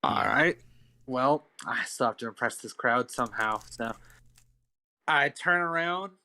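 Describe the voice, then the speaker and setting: A man's voice: mid-range voice, lively intonation, measured pace, sharp tone. A man playing a tabletop game, describing his character's actions in a laid-back, hesitant way. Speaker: player. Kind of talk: casual tabletop play.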